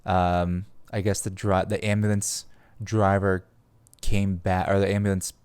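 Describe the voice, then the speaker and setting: Young male podcast host, low and smooth; casual, rambling, swears freely. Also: flat delivery, measured pace, darkish tone, dry recording. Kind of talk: casual storytelling.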